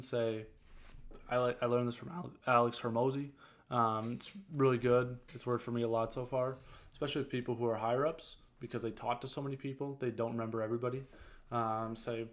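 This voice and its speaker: A young man talks casually in a vlog. He rambles through many fillers and restarts, explaining things to viewers like a coach. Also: medium pitch. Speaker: detailing business owner.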